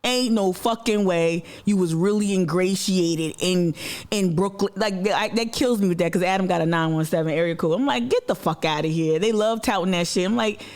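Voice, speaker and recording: A man's voice: high-pitched, normal speed. A man with a Southern US accent giving blunt, casual commentary as an activist host, cursing and mocking others' voices. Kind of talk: casual commentary on a played clip.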